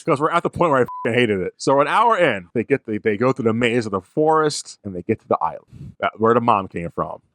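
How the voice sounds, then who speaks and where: Brief: male podcast co-host, lively swooping pitch, sarcastic ranting, dry close sound. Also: a little fast, dry recording. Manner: animated, exasperated ranting with sarcastic asides. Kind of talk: casual movie review chat.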